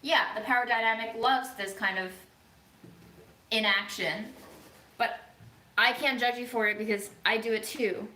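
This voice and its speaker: A woman vlogger giving an earnest, thoughtful monologue, speaking slowly with frequent pauses and ums. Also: a little high, fairly even intonation, pushed and bright, echoey room, rough recording. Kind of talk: reflective monologue.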